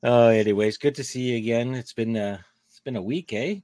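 A Canadian-accented man chats and jokes casually on a podcast. His voice sits at a middle pitch, and it's recorded close and dry with no room sound. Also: a little fast, darkish tone, no echo. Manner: friendly, joking, restarts words. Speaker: podcast co-host. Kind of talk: casual chat.

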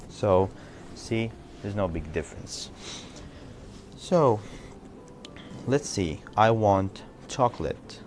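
A man with an Egyptian accent leads a relaxed podcast lesson, talking loosely and saying phrases over slowly so learners can repeat them. His voice sits very low. A faint hiss of noise runs under the recording. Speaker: language teacher.

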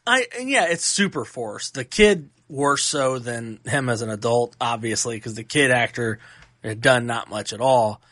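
A man hosting a podcast, giving a casual and animated movie review full of fillers and restarts. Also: medium pitch, unhurried, no room sound. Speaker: podcast host.

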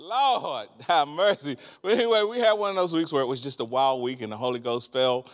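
A man in his sixties preaching a sermon as a guest, animated, breaking into laughter and shouts. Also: fairly high pitch, a little fast.

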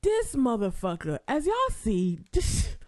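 A woman is hosting a podcast, telling her story with blunt, animated energy and plenty of swearing. Her voice sits on the higher side and sounds dry and close to the mic, with no room echo. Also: a little slow. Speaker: podcast host. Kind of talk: casual profane chat.

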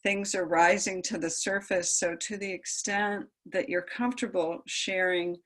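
A woman hosting a podcast interview, calm, affirming and gently encouraging. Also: lowish voice, unhurried. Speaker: podcast host. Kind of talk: conversational interview.

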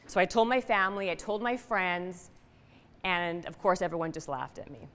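A middle-aged woman telling a personal story to an audience, animated and punchy, asking the room questions. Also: fairly low pitch, moderate pace. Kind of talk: storytelling talk. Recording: reverberant hall.

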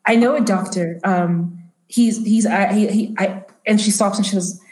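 A woman's voice: mid-range voice, normal speed, a little mellow, close to an everyday voice. A woman voicing a startled, flustered woman doctor who stammers and trips over her words. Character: panicked woman doctor, middle-aged, breathless. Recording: echoey room.

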